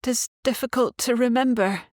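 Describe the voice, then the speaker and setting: A woman voicing a wary, injured young woman who speaks haltingly and hesitantly. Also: fairly high pitch, a little mellow, dry recording, studio quality, pitched above the performer's own voice, close to an everyday voice.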